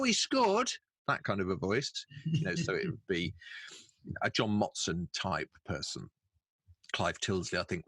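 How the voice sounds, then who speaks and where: A man's voice: fairly low pitch, a bit bright, no room sound. A middle-aged man from England, a guest telling wry stories in a casual interview over a video call. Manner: jokey storyteller, quick wry asides. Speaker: guest, professional speaker and announcer.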